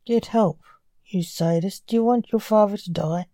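A woman voicing a surly, sarcastic grown son who snaps back at his father, in a mellow voice. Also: medium pitch, normal speed, no echo, studio quality, close to an everyday voice.

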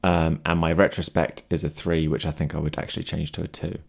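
A man's voice: a bass voice, level tone, brisk, creaky. A man co-hosting a casual podcast, reacting with dry, short remarks. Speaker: podcast co-host. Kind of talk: casual chat.

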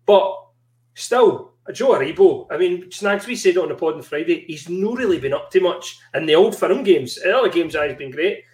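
A man's voice: high-pitched, expressive, normal speed, a little mellow, roomy sound. A Scottish man co-hosting a football podcast, bantering bluntly and swearing. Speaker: podcast co-host. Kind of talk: casual chat.

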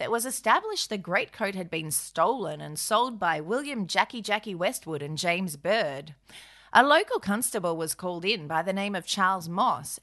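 A woman's voice: fairly low pitch, bright, forceful tone. A woman co-hosting, telling a comic history story with playful, wry asides. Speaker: podcast co-host narrator.

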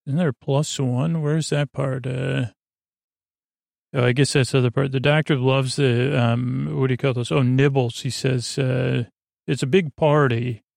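A man with a gravelly, creaky voice hosts a podcast and casually recaps an episode, wandering through the plot with frequent pauses and filler sounds. His voice is recorded close and dry, with no room sound, and sits at an ordinary pitch. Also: level tone, a little mellow, no room sound. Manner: rambling, halting retelling full of filler sounds. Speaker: podcast host.

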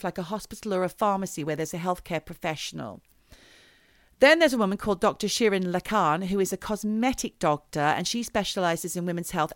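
A woman's voice: mid-range voice, no echo, clean studio sound. A woman co-hosting a podcast who tells a true crime story in a chatty, dramatic way. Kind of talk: casual storytelling chat.

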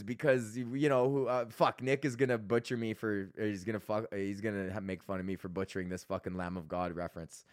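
A man's voice: fairly low pitch, steady tone, fairly quick, few pauses, no room sound, clean studio sound. A young man from Canada hosting a podcast, ranting casually, swearing a lot, rambling and laughing often. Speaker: podcast host.

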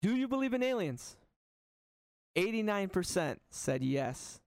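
A man's voice: sits high, very animated, unhurried, darkish tone, dry recording, clean studio sound. A man co-hosting a casual podcast, laid-back and swearing, reading out listener polls and comments. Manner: laid-back, swearing, reads poll results.

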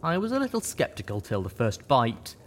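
A man giving a first-person audiobook narration with steady storytelling. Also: mid-range voice, brisk, slight background noise.

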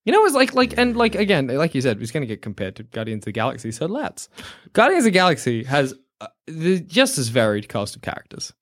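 Lively sweary man mocking a film. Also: fairly high pitch, fast. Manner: sweary, mocking, acts out characters in asides. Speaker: podcast co-host. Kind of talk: casual film review chat.

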